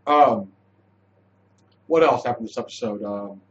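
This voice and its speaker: A man giving a casual, animated spoken review of a TV episode, chatty, with frequent restarts. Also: medium pitch, a little slow, highs cut off.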